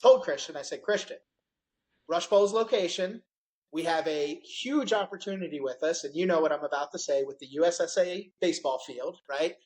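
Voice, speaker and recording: A man hosting a podcast interview, telling a story with animated, acted-out quotes. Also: on the high side, moderate pace, a little hiss or hum, low-quality recording. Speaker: podcast host. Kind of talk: casual interview chat.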